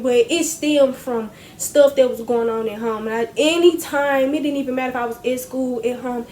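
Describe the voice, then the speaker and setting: Young woman, high voice, chatty storytime vlogger; animated, talks straight to viewers. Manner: animated, chatty, addresses viewers as y'all, laughs often. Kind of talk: casual storytime chat to viewers.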